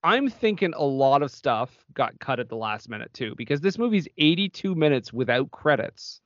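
A man co-hosting a movie podcast in casual chat, chatty and quick to laugh. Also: medium pitch, big pitch swings, no echo. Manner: chatty, laughs often, wanders mid-thought. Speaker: podcast co-host. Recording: dull, dry podcast audio.

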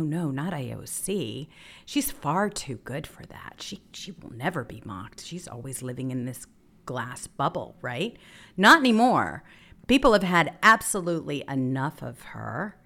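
Woman talk host, low-pitched, sarcastic and emphatic commentary. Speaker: political talk show host. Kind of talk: opinion commentary.

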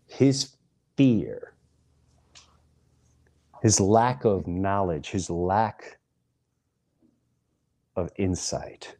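Slow, deep-voiced man on an emphatic rant. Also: lively intonation, dark tone. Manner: emphatic, stresses single words with long pauses. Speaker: podcast host. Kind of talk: impassioned monologue.

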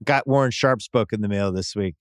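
A man hosting a podcast in casual sports chat, wry and quick when reeling off betting odds. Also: lowish voice, smooth, dry recording, clean studio sound. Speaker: podcast host.

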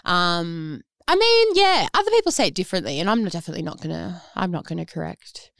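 A woman's voice: fairly low pitch, big pitch swings, fast, vocal fry, fairly bright tone. A young woman with an Australian accent, a musician guest chatting casually and poking fun at herself. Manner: giggly, self-mocking. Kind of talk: casual interview chat. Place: studio room at a label office.

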